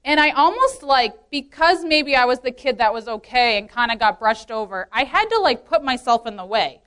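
A woman's voice: a little high, expressive, moderate pace, a bit bright, clean tone. A woman in her late twenties giving a casual, earnest testimony talk, chatty, filling her speech with "like" and laughing often. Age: 20s. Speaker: youth leader speaking at a women's meeting.

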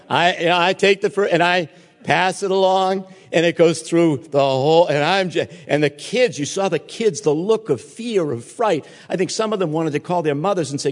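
A man's voice: a little high, normal speed, long reverb tail. A man, a pastor, telling a story and reading scripture in a sermon, acting out the people in his story. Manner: animated storytelling with quoted voices.

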